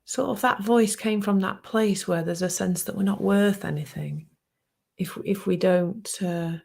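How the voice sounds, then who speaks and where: Gravelly, husky woman in her fifties. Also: medium pitch, unhurried. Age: 50s. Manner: soft-spoken and reflective, often dropping to a hushed near-whisper. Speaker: speaker sharing a personal reflection. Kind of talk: personal reflective talk.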